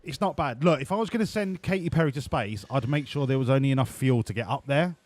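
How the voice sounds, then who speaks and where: A man's voice: medium pitch, lively intonation, fast, darkish tone, dry recording. A man doing live-streamed gameplay commentary, profane, jokey and rambling. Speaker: game streamer.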